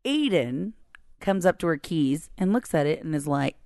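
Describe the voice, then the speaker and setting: A woman in her forties co-hosting a podcast, telling a story in a lively way and laughing often. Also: deep voice, normal speed, no room sound, studio quality. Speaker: podcast co-host. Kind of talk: casual chat, animated storytelling.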